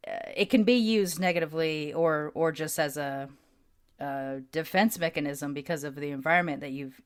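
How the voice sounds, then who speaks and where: A woman hosting a podcast, asking long, thoughtful questions padded with fillers. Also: sits low. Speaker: podcast host. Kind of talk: casual interview chat.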